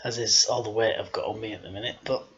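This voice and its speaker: A man's voice: on the low side, steady tone, fast talker, dull audio. A man hosting a casual joke-telling home video. He rambles, mocks himself and sighs often between his lines. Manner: rambling, self-mocking, sighing often. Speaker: storyteller host.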